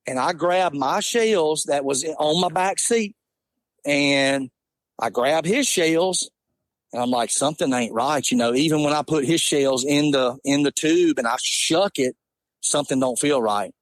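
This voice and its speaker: A man, telling an animated, laughing hunting story in casual talk. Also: fairly high pitch, measured pace, no echo. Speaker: podcast guest.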